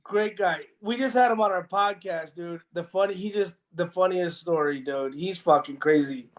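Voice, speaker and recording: A man hosting a podcast, telling a story in casual chat, animated and profane. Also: high-pitched, normal speed. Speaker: podcast host.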